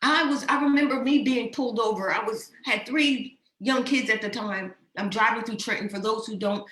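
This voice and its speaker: A woman's voice: on the high side, moderate pace, a bit bright. Woman in her fifties, impassioned and emotional host address, echoey room. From New Jersey, USA. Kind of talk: heartfelt personal address. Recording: roomy echo.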